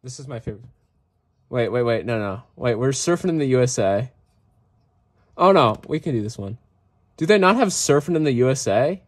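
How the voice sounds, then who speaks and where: A young man vlogging casually, excitable and swearing, breaking into off-key singing. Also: medium pitch, normal speed, long pauses. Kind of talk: casual reaction vlog.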